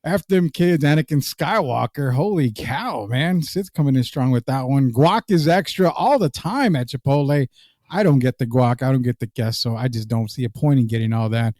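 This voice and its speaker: A man's voice: mid-range voice, normal speed, a little mellow, dry recording. Casual man, dry close sound. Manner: loose, joking, reads live comments aloud. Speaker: podcast co-host. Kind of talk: casual sports podcast chat.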